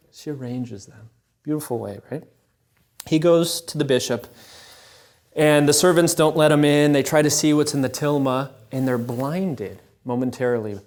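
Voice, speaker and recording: A man retelling a sacred story at a Catholic gathering. He talks conversationally and animatedly, often checking in with listeners, at a middling pitch. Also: darkish tone. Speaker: speaker at a Catholic event. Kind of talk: storytelling talk.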